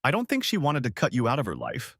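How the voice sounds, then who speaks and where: A man's voice: mid-range voice, wildly swooping pitch, fast, fairly bright tone, no room sound, studio quality, full character voice. A man voicing a friendly, chatty young woman who speaks in a soothing, reassuring way.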